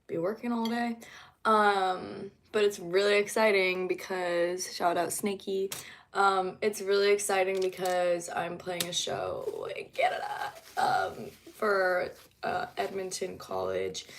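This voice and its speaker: A young woman talks to her viewers on a relaxed livestream, rambling along with plenty of fillers. Her voice sits at an ordinary, middle pitch. She comes across as an easygoing singer-songwriter. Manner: chatty, rambling, many fillers. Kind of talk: casual livestream chat.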